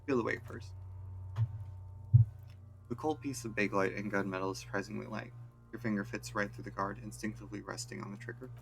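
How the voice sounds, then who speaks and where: A man streaming a video game, reading its text aloud in a flat, deadpan way with wry asides. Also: fairly low pitch, a little fast, creaky, long pauses, a little hiss or hum.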